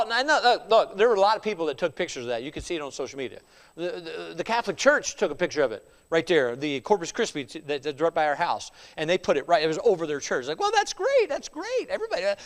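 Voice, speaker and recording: A man's voice: a little high, fairly bright tone. Emphatic male pastor in a reverberant church. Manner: emphatic, conversational, with repeated restarts. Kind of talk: sermon. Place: church sanctuary.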